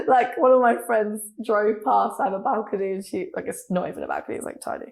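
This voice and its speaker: A young woman, a radio presenter, chats through personal stories in a lively, laughing way, slipping into quoted voices. Her voice sits at an ordinary pitch. The room around her rings with an echo. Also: fast talker, creaky. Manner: chatty, laughing, animated storytelling with acted quotes. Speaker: radio presenter, interview guest. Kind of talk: casual interview chat. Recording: echoey room.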